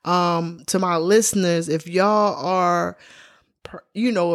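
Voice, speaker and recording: A woman's voice: fairly low pitch, fairly even intonation, slow. A woman in her forties, a podcast host, candidly telling a personal story to her listeners in a casual, slangy, heartfelt way. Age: 40s.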